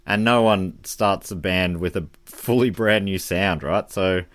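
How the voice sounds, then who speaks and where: A man with a fairly low voice chats casually on a podcast, thinking aloud with plenty of fillers. The sound is dry and close. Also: measured pace, a bit bright, no room sound. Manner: musing, rambling with fillers. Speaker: podcast co-host. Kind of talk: casual chat.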